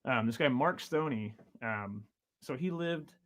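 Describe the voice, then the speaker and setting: A man's voice: mid-range voice, expressive, measured pace, fairly bright tone. A man in his thirties, a drummer guest telling long stories in casual chat, rambling with many fillers and laughs.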